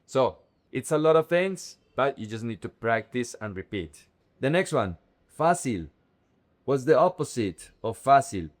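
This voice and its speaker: A man teaching Spanish vocabulary, speaking slowly and carefully and repeating words to model pronunciation. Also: mid-range voice, sing-song. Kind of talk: language lesson.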